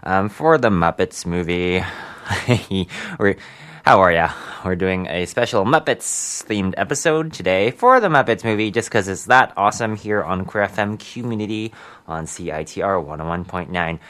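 A man's voice: low voice, normal speed, fairly bright tone. A man hosting a community radio show, chatting casually and giggling with lots of ums.

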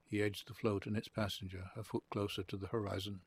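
A man reads a literary story aloud in a calm, measured way. His voice sits on the low side and carries a husky grain. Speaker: narrator. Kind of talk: literary reading.

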